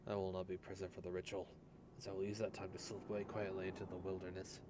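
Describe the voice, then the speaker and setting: A man reading out a fearful young male monk's journal in a put-on Irish accent, hushed and grave, with noise behind it. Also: deep voice, monotone, fast, lightly acted. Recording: background noise.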